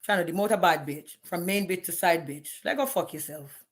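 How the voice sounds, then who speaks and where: A woman's voice: on the low side, moderate pace, a little hiss or hum. A woman, ranting bluntly and profanely on a live stream, challenging her viewers. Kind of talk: candid live-stream rant.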